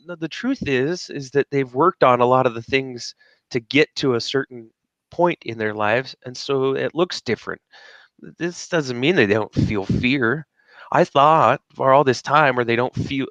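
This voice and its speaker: A man's voice: medium pitch, fairly bright tone, no room sound, lo-fi sound. A man co-hosting a motivational podcast, talking in a rambling, casual way with frequent laughs and repeated words. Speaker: podcast co-host.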